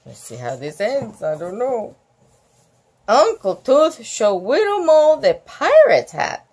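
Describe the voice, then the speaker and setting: A woman's voice: fairly high pitch, big pitch swings, slow, darkish tone, slightly rough. A woman reading a picture book aloud with chatty asides, giggly and easily amused. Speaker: storybook reader.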